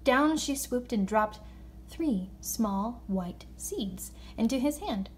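Woman, children's story read-aloud, expressive, slightly high voice, slows for emphasis. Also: slight background noise. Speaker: narrator.

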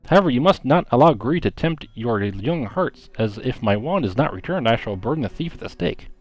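A man's voice: medium pitch, lively intonation, normal speed, soft background music, natural voice. A man voicing a little female witch from a storybook, kind but vengeful, read aloud plainly in his own voice. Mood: stern.

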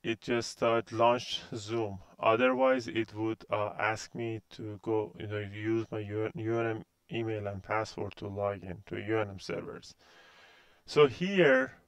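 A man's voice: on the low side, steady tone, unhurried, clean tone, no room sound. A man in his thirties from Iran with a Persian accent, a university instructor giving a recorded course introduction, hesitant and full of fillers.

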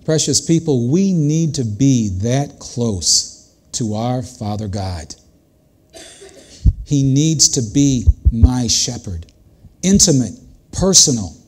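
A man's voice: medium pitch, animated, takes it slowly, darkish tone. An older man preaching a sermon as a pastor, earnest and conversational, speaking directly to his congregation.

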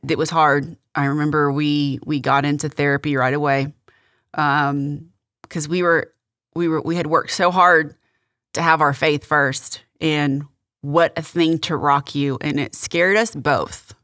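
A middle-aged woman, a guest on a faith interview show, telling a personal story in a halting, earnest way with many restarts. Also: sits low, a bit bright, dry recording, clean studio sound.

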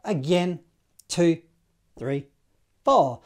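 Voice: medium pitch, lively intonation, drawn-out words. Laid-back saxophone teacher scatting rhythms. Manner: casual, encouraging, scats rhythms and counts in. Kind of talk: online music lesson.

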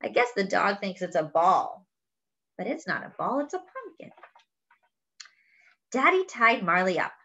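A woman reading a picture book aloud to children, expressive and exclaiming over the pictures. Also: medium pitch, a little slow, long pauses, highs cut off. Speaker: children's story reader. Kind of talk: read-aloud storytelling.

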